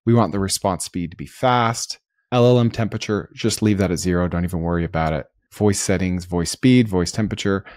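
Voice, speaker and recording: This cheerful host narrates a screen-recorded tutorial at a brisk pace, explaining each click as it happens. His voice is a little low and slightly mellow, and the dry, close recording has no echo or surrounding room.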